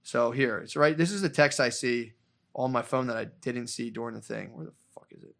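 Young man, casual podcast storytelling, rambling, profane, animated, average pitch. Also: moderate pace, vocal fry. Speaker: podcast co-host telling a story.

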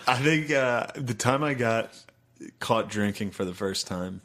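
A man's voice: mid-range voice, lively intonation, a little slow, a bit bright. A young man chatting casually, telling stories with frequent laughter and acted-out quotes. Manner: laughing often, acting out quotes. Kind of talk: casual chat, storytelling.

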